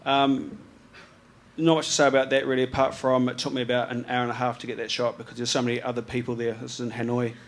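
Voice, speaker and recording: Flat in delivery and quick in pace, this medium-pitched man is a photographer from New Zealand with a matching accent. Before an audience at a live venue he chats about his slides in a rambling, slangy way, full of ums and restarts.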